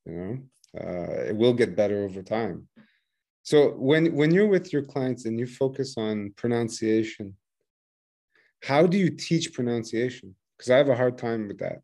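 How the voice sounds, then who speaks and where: A man's voice: medium pitch, animated, moderate pace, gravelly, a little mellow. Chatty Quebecois man hosting. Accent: Quebecois French. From Quebec, Canada. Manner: chatty, laughs often, switches between English and French. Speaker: podcast host. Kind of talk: casual interview chat.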